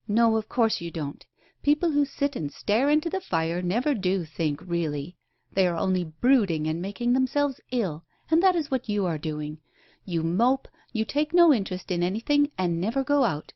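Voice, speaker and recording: A woman voicing a brusque, blunt, impatient unmarried woman who talks in a sharp, scolding way. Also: medium pitch, big pitch swings, normal speed, no echo, lo-fi sound, lightly acted.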